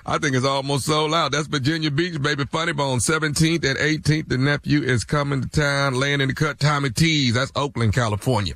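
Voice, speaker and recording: A man on a morning radio show, hyping up his upcoming comedy dates in an energetic promo style. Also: medium pitch, fairly quick, hardly any pauses. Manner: hype, promo-style delivery.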